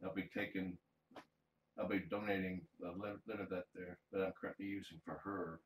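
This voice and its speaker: Deep-voiced man cooing to a cat, roomy. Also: flat delivery, a little fast, a little hiss or hum. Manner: soft-spoken, coos fondly to a cat; explains plainly, often restarting phrases. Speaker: cat fosterer streaming live. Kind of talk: casual livestream chat. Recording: roomy sound, mic some distance away.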